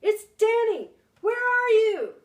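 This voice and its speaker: A woman voicing a young boy who shouts high and strained for his father through a dark wood, in a read-aloud storybook. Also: big pitch swings, slow pace, full character voice. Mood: desperate shouting. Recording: roomy, distant mic.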